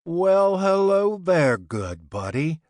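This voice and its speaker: A man voicing a weary young adventurer who grumbles in a low mutter, in an audiobook. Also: very animated, normal speed, dry recording, studio quality. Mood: giddy.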